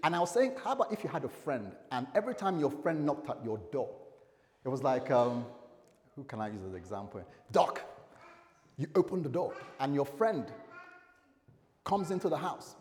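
A man preaching a sermon in a lively, conversational way, his voice sitting at an ordinary middle pitch. He acts out little scenes and slips in light humor. The sound carries a long echo from the church hall. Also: normal speed, pauses often. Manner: animated and chatty, with acted quotes and light humor. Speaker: pastor. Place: church service.

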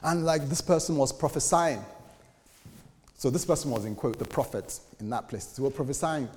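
A man preaching a sermon as a pastor, animated, jumping to sudden high bursts and then dropping low and quiet. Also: normal speed. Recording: long reverb of a hall.

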